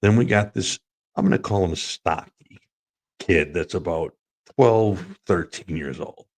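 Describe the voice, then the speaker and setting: A man's voice: low voice, a little slow. A man co-hosting a sports talk show, telling rambling stories and laughing through them. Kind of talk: casual storytelling chat.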